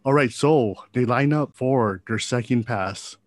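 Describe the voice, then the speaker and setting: A man's voice: medium pitch, unhurried, crowd noise. A man narrating as game master of a tabletop game, with joking asides and frequent laughs.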